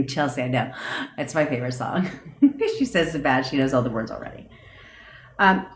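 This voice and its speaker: A woman manifestation coach with an extremely low, expressive voice rants bluntly on a livestream at normal speed, swearing freely and fired-up as she answers viewer comments. She's at her home desk, and the recording has a roomy, echoey sound.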